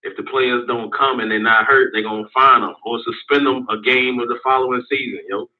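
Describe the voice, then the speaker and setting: A man calling in to a sports talk show, relaxed and repeating himself often. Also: medium pitch, a little fast. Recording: tinny phone line.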